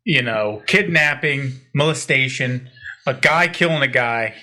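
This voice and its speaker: A man's voice: medium pitch, a little slow, pushed and bright. A man from central Pennsylvania, co-hosting a podcast in casual chat, who makes dry, wry remarks and asks pointed questions. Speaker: podcast co-host.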